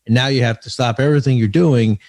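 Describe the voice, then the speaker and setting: A man's voice: mid-range voice, quick pace, darkish tone, dry recording. A man being interviewed about leadership, earnest, telling stories with frequent restarts. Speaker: author and leadership speaker, guest. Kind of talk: conversational podcast interview.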